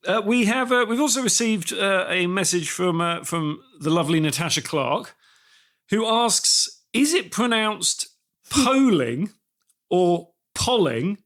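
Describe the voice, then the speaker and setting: A man's voice: sits high, a little slow, fairly bright tone. A man co-hosting a political podcast in a casual, wry way, reading listener questions with many fillers. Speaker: podcast co-host.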